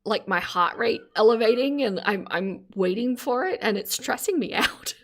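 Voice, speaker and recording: A woman's voice: a little high, moderate pace, a bit bright. A woman with an Australian accent hosting a reaction stream in casual, chatty talk, laughing often. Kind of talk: casual chat.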